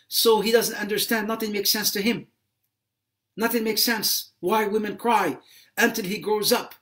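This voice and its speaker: A man's voice: high-pitched, fairly quick, a bit bright. A man giving a religious lecture on a livestream, impassioned, repeating phrases for emphasis and mixing in Arabic religious phrases. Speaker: Islamic lecturer.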